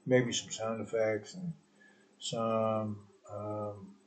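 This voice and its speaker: A man's voice: lowish voice, level tone, drawn-out words, poor audio. A man hosting his own live stream podcast alone, talking in a crude, profane, rambling and sarcastic way. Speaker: podcast host. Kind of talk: solo live stream chat.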